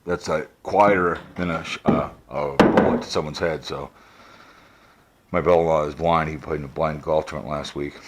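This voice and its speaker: A Minnesota man with a deep, rumbling voice rambles easygoingly through a casual product review vlog in his backyard, speaking at a normal pace in a steady tone. He records on a sunglasses camera mic, so heavy breathing and background noise come through, and his thoughts trail off into fillers.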